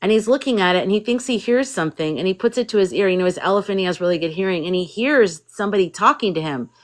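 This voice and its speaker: A woman's voice: medium pitch, expressive, fast, rough recording. A woman in casual conversation, retelling a story at length and acting out bits of dialogue. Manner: rambling storyteller, acts out quotes. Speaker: guest on a live spiritual chat.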